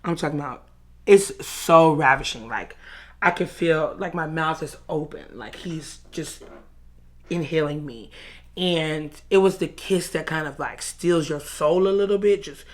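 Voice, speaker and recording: Animated, outspoken woman vlogger. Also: low voice, measured pace. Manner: animated, dramatic storyteller; frank, outspoken. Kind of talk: casual chat to camera.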